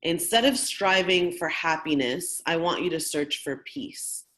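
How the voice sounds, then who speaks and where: A woman quoting her father, a gentle immigrant dad giving his daughter calm, earnest advice. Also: fairly high pitch, measured pace.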